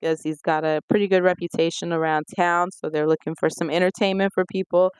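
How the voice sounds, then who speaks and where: Smooth-voiced casual movie reviewer. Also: mid-range voice, brisk, no room sound. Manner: conversational, retells scenes with lively acted-out quotes.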